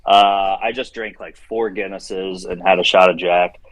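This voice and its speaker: A man casually telling a rambling night-out story, laughing and animated as he quotes people. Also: deep voice, unhurried, low-quality recording. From Tampa Bay. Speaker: radio show regular calling in.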